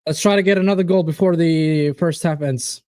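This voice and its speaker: A man hosting a live football watchalong, reacting to the match and chatting to viewers in an excitable, casual way. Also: on the high side, moderate pace, clear, resonant tone, dry recording. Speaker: watchalong host. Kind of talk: live fan reaction commentary.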